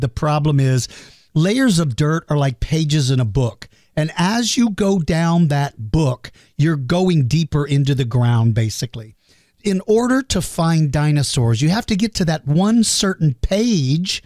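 A man's voice: on the high side, a little mellow, no echo, studio quality. A man hosting a podcast, answering listener questions in an earnest, chatty way and stopping to apologize for names he cannot pronounce. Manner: earnest and chatty, explains with simple comparisons; self-deprecating and apologetic over hard names. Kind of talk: casual podcast Q&A.

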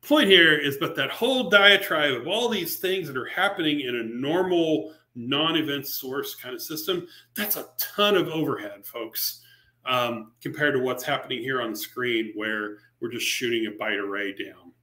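A man talks through code at a virtual meetup in a chatty, unscripted way. His voice has a bright, forward edge, and he is in the middle of explaining, stumbling and restarting as he goes. Now and then a dry, sarcastic remark slips in. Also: medium pitch, expressive, moderate pace. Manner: conversational, with frequent fillers and restarts, mildly sarcastic asides. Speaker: featured speaker presenting a software library. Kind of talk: technical presentation on a live stream. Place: remote meetup talk over a video call.

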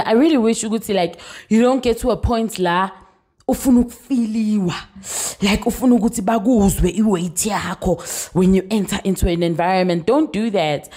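A woman's voice: mid-range voice, darkish tone. Chatty South African woman vlogger. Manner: chatty, mixes Zulu phrases into English, keeps checking in with "you understand?". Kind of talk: casual storytime vlog.

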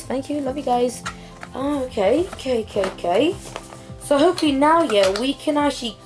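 A young woman streamer chatting casually through an unboxing, excitable and apologetic, with many fillers and restarts. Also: on the high side. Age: young adult. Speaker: gaming streamer.

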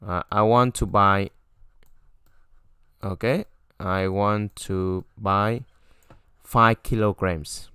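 A man teaching a language lesson, stopping often to say "okay" and repeating example phrases in a louder voice. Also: on the low side, steady tone, drawn-out words, pauses often, clean tone, dry recording, studio quality. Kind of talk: explaining a textbook lesson.

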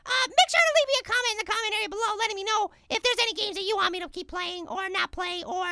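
A tiny cartoon apple gamer chatters in a shrill, very high voice with a gravelly edge. He's hyper and exclamatory, bright and sharp in tone, and hosts a let's play as if the viewers are right beside him. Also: rapid-fire, dry recording, clean studio sound, full character voice. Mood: excitable.

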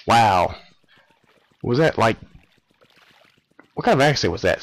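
A man's voice: lowish voice, very animated, unhurried, gravelly, long pauses, dry recording, low-quality recording. A young man casually commenting on a game he is playing, offhand and sarcastic with mumbled asides. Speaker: let's play host.

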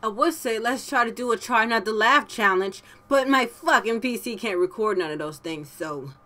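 Bright-voiced, foul-mouthed woman gamer. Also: fairly high pitch, moderate pace, hardly any pauses, slight background noise. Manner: profane, frustrated, loud outbursts. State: tipsy. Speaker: gaming YouTuber. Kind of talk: let's play commentary.

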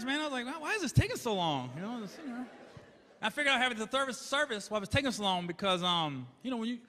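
A man's voice: sits high, bright, forceful tone. A man doing a stand-up routine, telling a story wryly and chuckling at his own lines. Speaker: stand-up comedian.

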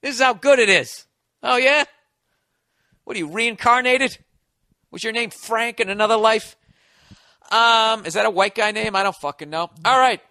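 A man's voice: sits high, moderate pace, long pauses, bright, forceful tone, no echo, studio quality. A man in his forties hosting a podcast alone, ranting sarcastically with lots of profanity and mock outrage. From United States. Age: 40s. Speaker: podcast host. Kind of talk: sarcastic solo podcast rant.

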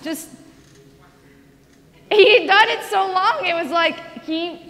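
A woman giving a conversational sermon, telling a story in a lively way and laughing along as she goes. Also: very high-pitched, moderate pace, long reverb tail. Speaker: speaker.

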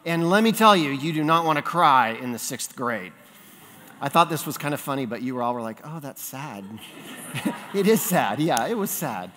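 A man preaching a sermon, telling a childhood story in an animated way and acting out the voices in it. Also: on the high side, a little fast, slight background noise. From California. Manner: animated storyteller, acts out voices in his anecdotes. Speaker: pastor. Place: church sanctuary. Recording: long reverb of a church sanctuary.

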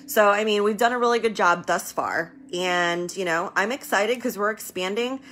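A woman's voice: medium pitch, moderate pace, a bit bright, slight background noise. A woman who runs a medical business, talking casually on a live stream, rambling and repeating words for emphasis.

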